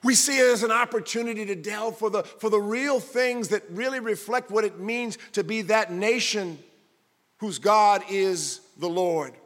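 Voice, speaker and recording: A man preaching a sermon in an emphatic way that builds toward shouting. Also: high voice, moderate pace, in a large hall.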